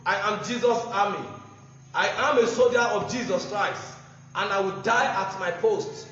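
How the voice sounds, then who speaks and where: A man's voice: high-pitched, normal speed, a bit bright, a little hiss or hum. A man with a Nigerian English accent giving an impassioned political speech, combative and mocking, often chuckling through his jabs. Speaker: political campaigner. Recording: muffled echoey hall recording.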